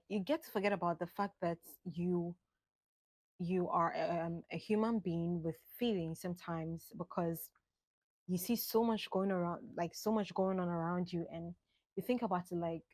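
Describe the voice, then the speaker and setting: Low-voiced young woman. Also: a little mellow, no echo. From Ghana. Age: late 20s. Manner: musing, unhurried, drifts between thoughts. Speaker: vlogger. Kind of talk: reflective monologue.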